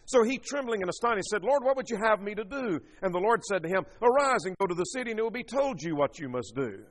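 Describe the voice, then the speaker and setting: A man's voice: sits high, expressive, fast, in a large hall. A man teaching a sermon, reading scripture aloud and explaining it verse by verse. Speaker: preacher.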